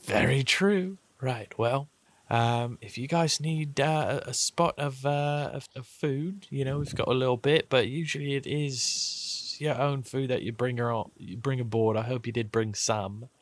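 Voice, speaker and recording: A man's voice: mid-range voice, unhurried, dry recording, pitched above the performer's own voice, lightly acted. A man voicing a courteous noble lady who is polite, apologetic and lightly teasing.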